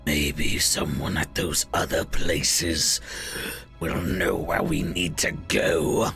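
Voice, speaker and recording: A man's voice: extremely low pitch, fairly even intonation, slow pace, gravelly, a bit bright, soft background music. A man playing a tabletop game, speaking in short, blunt lines. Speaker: player.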